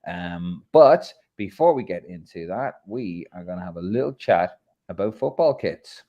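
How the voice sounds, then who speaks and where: A man's voice: measured pace, lo-fi sound. Irish man hosting a banter football podcast. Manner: banter-filled, swears, lively swings in pitch. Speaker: podcast host. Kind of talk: casual football chat.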